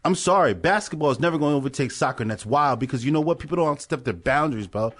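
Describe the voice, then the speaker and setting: An American man co-hosting a podcast, ranting in a heated, profane way in casual chat while high. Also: lively intonation, fast talker. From United States. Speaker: podcast co-host.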